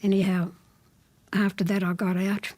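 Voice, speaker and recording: A woman's voice: medium pitch, level tone, normal speed, darkish tone. A woman in her seventies with an Australian accent, telling her childhood story in a blunt, plain-spoken way with dry defiance. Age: 70s. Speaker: interviewee recounting her childhood.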